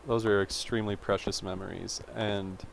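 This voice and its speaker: A man's voice: fairly low pitch, level tone, moderate pace, creaky, slight background noise. Chatty young man rambling through a story. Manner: chatty, self-interrupting, full of "like". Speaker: vlogger.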